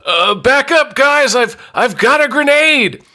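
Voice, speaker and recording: A man puts on a frantic young man's voice, pitched far above his own and pushed loud. He yelps and taunts in a bright, breathless rush. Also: lively intonation, a little slow, full character voice. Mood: panicky. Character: panicky young man hiding with a grenade.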